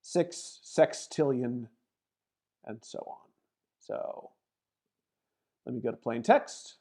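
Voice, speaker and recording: A woman's voice: very deep voice, takes it slowly, mellow. A woman lecturer walking through a math problem on screen, methodically thinking aloud as she types and reads out long numbers. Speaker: mathematics lecturer. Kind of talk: screen-recorded lecture walkthrough.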